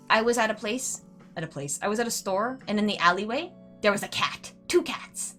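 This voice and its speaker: Chatty woman streamer with a lively voice. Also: medium pitch, brisk, soft background music. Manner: chatty, rambling, uses "like" a lot. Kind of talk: casual gameplay commentary.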